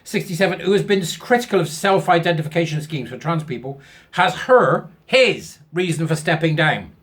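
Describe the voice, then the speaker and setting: A man's voice: on the high side, expressive, normal speed, a bit bright. A man, reading out a news article and mocking it sarcastically, laughing often at his own jokes. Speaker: commentary channel host.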